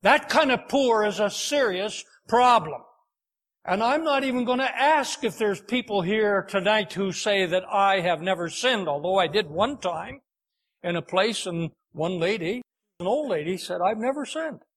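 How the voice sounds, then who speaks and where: A man's voice: high-pitched, a little slow, a bit bright, poor audio. A male preacher giving an evangelistic sermon, telling an anecdote in an earnest, emphatic way.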